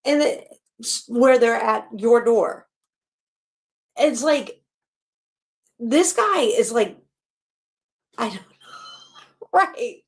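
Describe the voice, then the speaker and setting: A woman hosting a live stream, reacting to a podcast in blunt, animated casual talk and swearing freely. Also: fairly high pitch, slow, pauses often.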